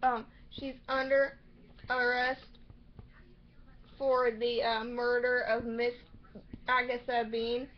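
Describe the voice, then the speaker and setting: A young woman casually recapping a TV episode, rambling and acting out characters' lines in quick bursts. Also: a little high, flat delivery. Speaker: recap vlogger. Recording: slightly muffled home recording with faint noise.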